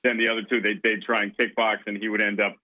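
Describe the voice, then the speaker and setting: Man, bright tense voice, sarcastic caller, radio broadcast audio. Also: lowish voice, flat delivery, quick pace, low-quality recording. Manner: sarcastic, crude joking. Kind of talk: call-in radio comment.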